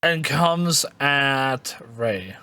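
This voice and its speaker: A game master narrating a tabletop role-playing game, unhurried and often laughing. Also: mid-range voice, lively intonation, pushed and bright, clear, resonant tone, no echo.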